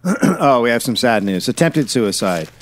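A man hosting a comedy podcast, reading an old newspaper aloud and riffing with animated storytelling. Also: mid-range voice, a little slow, background noise.

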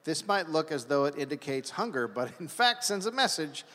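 Storyteller: a man reading notes deadpan at a live show, a bit high-pitched, with hall echo. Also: moderate pace. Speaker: podcast co-host, storyteller. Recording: live venue with hall reverb.

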